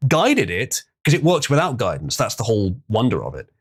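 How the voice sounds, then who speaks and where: A man's voice: mid-range voice, huge pitch swings, fairly quick, breathy edge. A man hosting a casual livestream, opinionated and blunt, reading viewer comments aloud. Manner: opinionated, swears, reads chat aloud. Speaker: livestream host.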